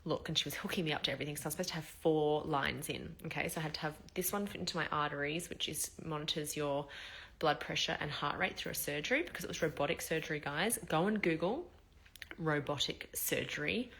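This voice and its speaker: A woman in her thirties talks through a candid personal vlog, her voice bright and clear with a low pitch for her sex. She sounds a little short of breath as she recovers after surgery, and she tells the story loosely and emotionally, with fillers and the odd swear word. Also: quick pace. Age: 30s. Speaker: vlogger.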